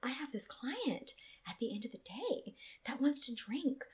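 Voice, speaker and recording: Woman telling a wild story, super lively voice, does all the voices. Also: high-pitched, measured pace. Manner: animated, acts out quoted voices. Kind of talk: candid storytelling.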